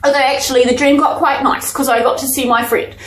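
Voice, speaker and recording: A woman's voice: high-pitched, little pitch movement, quick pace, a bit bright, reverberant, poor audio. A woman with an Australian accent, a vlogger and author, telling a story to camera in a chatty, self-deprecating way. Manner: chatty, self-deprecating, addresses viewers as guys.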